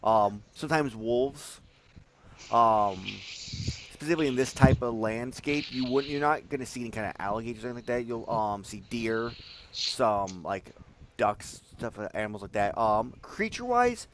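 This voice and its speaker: A man's voice: medium pitch, lively intonation, moderate pace, noisy background. A man narrating as game master of a tabletop role-playing game, rambling and hesitant with many fillers.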